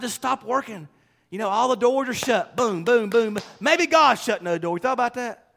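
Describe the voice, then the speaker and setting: A man preaching a sermon, folksy and conversational, building to loud exhortation. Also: very high voice, expressive, normal speed.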